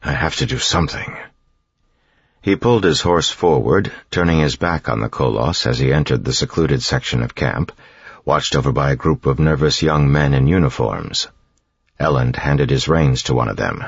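A man narrating an audiobook in a measured, even storytelling manner. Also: a bass voice, creaky, husky, no echo, highs cut off.

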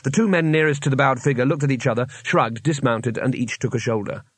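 A man reading an audiobook aloud in a measured storytelling manner with wry timing. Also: mid-range voice, slightly rough, no echo. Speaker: audiobook narrator. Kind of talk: scripted narration.

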